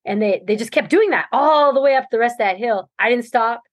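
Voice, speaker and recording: A woman's voice: a little high, brisk, no echo. A woman guest on a podcast, recounting a race in loose, rambling talk and laughing often. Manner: rambling storytelling, laughs often, many fillers. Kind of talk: casual interview chat.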